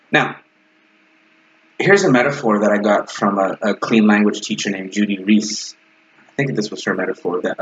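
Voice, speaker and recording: Man, English teacher, casual lesson to camera, fairly low voice, slightly dull lo-fi sound. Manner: animated, acts out both sides of sample dialogues.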